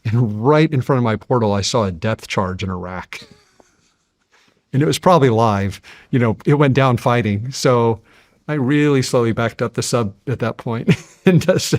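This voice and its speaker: A man in his fifties, a guest on an interview show, telling stories in a measured, earnest way and building to animated passages. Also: mid-range voice, dry recording, clean studio sound. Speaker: guest, deep-sea explorer. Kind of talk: conversational interview storytelling.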